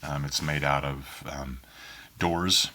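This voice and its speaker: Taking it slowly, an Oklahoma-born audiobook narrator with a faint Southern accent meanders through interview questions, his answers peppered with ums and restarts. He has a very deep, bright, forceful voice with fairly even intonation, recorded in a small home booth inside a spare bedroom.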